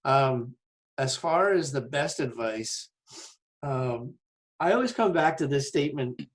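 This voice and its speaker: A man in a casual band chat, speaking thoughtfully with many pauses and ums. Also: mid-range voice, animated. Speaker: band member.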